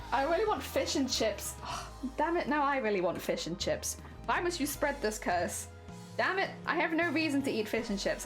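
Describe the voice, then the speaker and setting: A young woman streaming casually, chatting and giggling with her viewers while she crafts at home. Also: high-pitched. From Britain. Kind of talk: casual live-stream chat.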